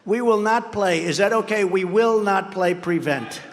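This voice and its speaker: A political candidate speaks into a podium microphone at a large campaign rally venue, giving a boastful, wandering speech and acting out his rivals' words to mock them. He has a high voice at a normal pace, with background noise present. The large space produces a long reverb.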